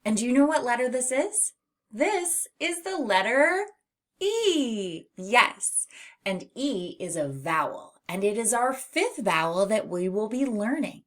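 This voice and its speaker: Slow, encouraging woman phonics teacher. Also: a little high, very animated. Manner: warm, encouraging, drawn-out sounds. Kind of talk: slow, clear early-reading lesson for children.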